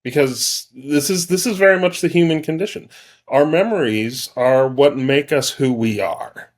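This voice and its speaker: A man's voice: fairly high pitch, moderate pace. A man from Wisconsin, a guest on a podcast, talking in a reflective, thoughtful way in casual chat.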